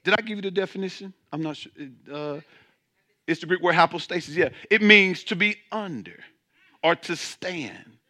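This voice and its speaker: A man's voice: high-pitched, moderate pace, pushed and bright. A man preaching a sermon as pastor, emphatic, repeating words as he restarts and calling out to his listeners. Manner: calls out to the congregation.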